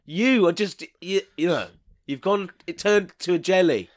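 A man's voice: sits high, unhurried. A man co-hosting a comedy podcast, swearing and teasing his co-host as he reads listener letters.

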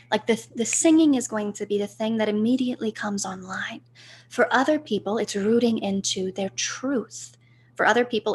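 A woman speaking as a podcast guest in a flowing, searching way, with a slight vocal fry. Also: a little high. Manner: flowing, spiritual, searching for words. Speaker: guest, voice coach. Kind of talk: podcast interview.

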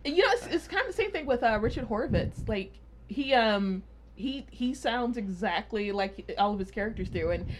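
A woman's voice: a little high, lively intonation, slight background noise. A woman on a podcast chatting casually, repeating words as she talks. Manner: quick, repeats words while thinking. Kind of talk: casual chat.

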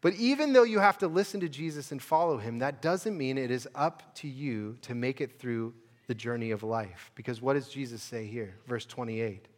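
A pastor delivering a sermon in a casual, conversational way, with restarts and rising emphatic stretches. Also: male voice, mid-range voice, long reverb tail. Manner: conversational preaching with restarts, building to emphatic peaks.

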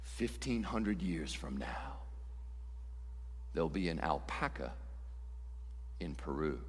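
A man voicing God as a calm, all-knowing deity who answers a prayer in a low, hushed, matter-of-fact way. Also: takes it slowly, husky, in a large hall, full character voice. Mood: calm, deadpan.

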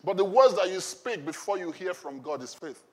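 A man's voice: sits high, expressive, moderate pace. A male pastor preaching a sermon in a conversational way, often asking the congregation questions.

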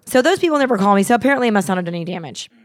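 A middle-aged woman hosting a podcast, telling stories in a blunt, animated way, swearing freely and acting out the people she quotes. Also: medium pitch, very fast. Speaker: podcast host. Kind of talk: casual storytelling chat.

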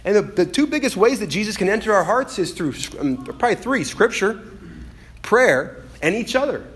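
A man with a high voice preaches a sermon at normal speed, animated and conversational. He often acts out quotes and restarts his phrases.

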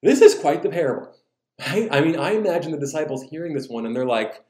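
A man's voice: a little high, sing-song, fairly quick, darkish tone. A man preaching a casual, humorous sermon, acting out little scenes as he retells a parable. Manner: conversational, jokey, acts out scenes. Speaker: pastor. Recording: roomy echo.

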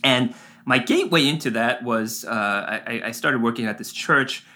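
A man, a pastor, preaching a sermon and telling a personal story in an animated way, full of fillers and asides. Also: mid-range voice, normal speed.

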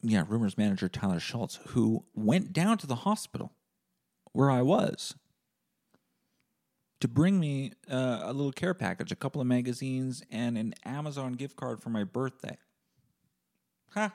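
A male podcast host giving a rambling, profane solo monologue in a deadpan comic way. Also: mid-range voice, moderate pace.

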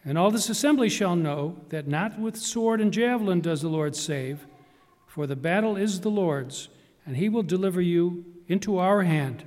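A man reading scripture aloud in church, in a measured, solemn way. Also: sits high, darkish tone, long reverb tail. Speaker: scripture reader. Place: church sanctuary.

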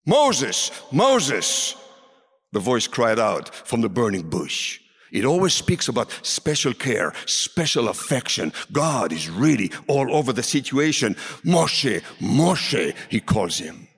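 A man preaching a sermon in a large hall, dramatic, swinging from loud calls down to near whispers. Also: medium pitch, sing-song, moderate pace, breathy edge. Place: large hall with a seated audience. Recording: reverberant hall.

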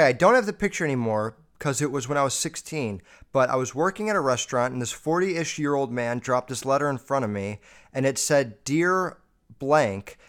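A man's voice: medium pitch, clean tone. A man hosting a show, reading listener messages and riffing on them with constant swearing. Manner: profane, animated, riffing. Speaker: podcast host.

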